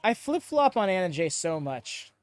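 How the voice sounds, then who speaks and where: A young man hosting a live watchalong stream, chatting excitedly with many fillers and quick laughs on a close mic. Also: sits high, no room sound. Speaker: watchalong host. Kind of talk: live reaction commentary.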